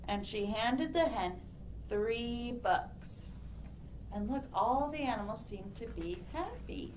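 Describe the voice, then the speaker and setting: A woman librarian reading a picture book aloud to children, expressive and animated, pointing out the pictures. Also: on the high side, takes it slowly, slight background noise.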